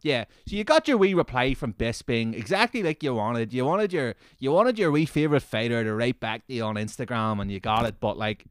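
A man hosting a comedy podcast, ranting sarcastically with lots of swearing and sudden loud mocking bursts. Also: mid-range voice, lively intonation, fairly quick, few pauses, dry recording, clean studio sound.

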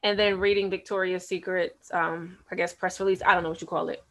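A woman chats casually as a podcast co-host. Her voice sits a little low, and her manner is blunt and candid, with laughter mixed into her talk. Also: flat delivery, a little fast. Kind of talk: casual chat.

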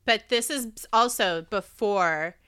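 Woman podcast co-host, casual and giggly, bright crisp voice. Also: mid-range voice, slow pace. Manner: laughs often, swears casually. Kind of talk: casual chat.

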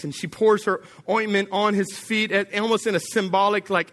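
A man preaching with a bright, forceful edge to his voice, pitched a little higher than most men. He tells the story with animated energy and slips into the voices of the people in it. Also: normal speed, few pauses. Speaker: pastor. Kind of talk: sermon.

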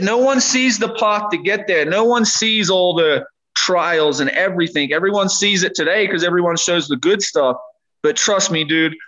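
Podcast host, male, earnest and emphatic, casual slangy delivery; slightly high voice, muffled lo-fi audio. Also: fairly bright tone. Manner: earnest, emphatic, says dude and man often. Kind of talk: candid faith podcast conversation.

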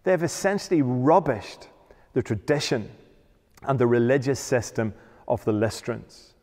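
A man's voice: medium pitch, expressive, a little slow, a little mellow. Emphatic male preacher in a reverberant hall. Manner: emphatic, with rhetorical questions. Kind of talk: sermon.

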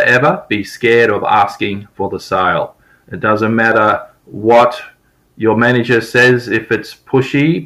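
Middle-aged guy teaching sales, lowish voice, chatty, hammers his points home. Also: a bit bright, rough recording. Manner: conversational and repetitive, stressing key points. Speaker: sales trainer. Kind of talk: informal spoken sales lesson.

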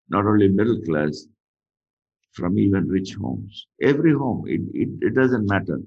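A man's voice: on the low side, animated, a little slow, a little mellow, slightly rough, dull audio. A man preaching a sermon, earnest and repeating phrases for emphasis.

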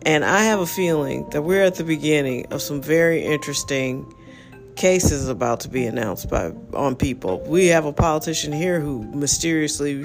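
A man hosting a casual solo podcast, talking in a rambling, frank way full of fillers. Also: on the high side. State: yawning, relaxed. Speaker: podcast host.

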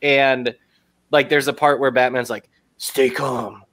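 A young man chats casually on a podcast, retelling movie scenes and dropping into quick impressions. His voice sits in a middle register and is recorded dry and close, with no room sound. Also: medium pitch, level tone, fairly bright tone, dry recording. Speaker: podcast co-host. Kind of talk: casual chat.

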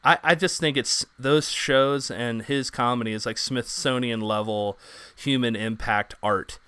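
A man's voice: mid-range voice, fairly even intonation, a little slow, bright, forceful tone, smooth, no echo. A man co-hosting a casual chat, telling rambling anecdotes full of fillers.

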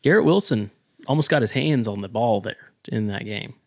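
A man's voice: medium pitch, lively intonation, normal speed, a little mellow, no echo, clean studio sound. A man co-hosting a sports podcast, chatting casually and agreeing in short replies. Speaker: podcast co-host.

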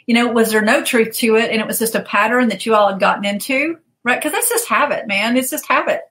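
Woman, coach, interview guest; lively storyteller who voices the people she quotes; somewhat high pitch. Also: fast, rough recording. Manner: animated, acts out quoted voices, laughs often.

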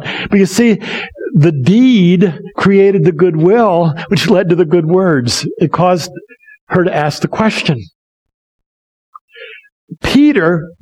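A man's voice: high voice, a little mellow. A male pastor preaching a sermon, telling a story in an earnest way with frequent restarts.

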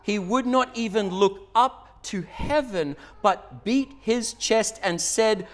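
A male pastor from Australia delivers a sermon in a church. His voice sits high for a man, and his preaching is earnest and conversational, pressing hard on key points before easing back. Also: slow, hardly any pauses.

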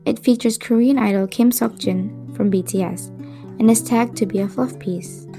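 A woman host reading a fan-fiction story aloud in calm, measured scripted narration. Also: fairly high pitch, vocal fry, soft background music.

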